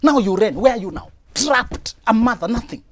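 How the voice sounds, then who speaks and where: A man's voice: extremely high pitch, moderate pace, no echo. Preachy man giving blunt advice. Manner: forceful, preachy, lively. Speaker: relationship advice guest. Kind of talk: blunt advice on a talk show.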